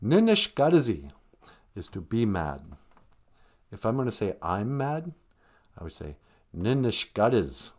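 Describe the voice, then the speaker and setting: Male livestream host; teasing, ironic humor, expressive delivery, lowish voice. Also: measured pace, long pauses. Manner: teasing, ironic, chuckles often. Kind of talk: joking livestream chat.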